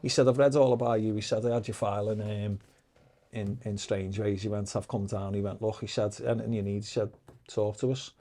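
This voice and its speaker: A middle-aged man, a podcast guest telling lively, profane anecdotes in casual storytelling. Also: on the low side, fairly quick. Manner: swears freely, lively anecdotes.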